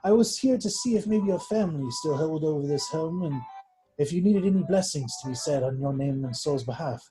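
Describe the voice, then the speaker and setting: A man playing his character in a tabletop game, earnest and formal, often halting. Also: on the high side, mellow, faint music behind, low-quality recording. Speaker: player. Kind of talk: in-character tabletop role-play.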